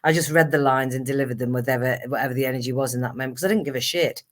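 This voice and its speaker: A woman's voice: a bass voice, rapid-fire. A middle-aged woman, a guest actress and singer telling her story candidly and emphatically. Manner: animated and emphatic, acts out past conversations.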